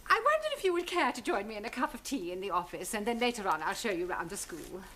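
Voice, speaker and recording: An actress playing a bossy, brisk school principal in a 1970s studio sitcom. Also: female voice, mid-range voice, big pitch swings, bright, forceful tone, slight background noise. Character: bossy middle-aged woman principal.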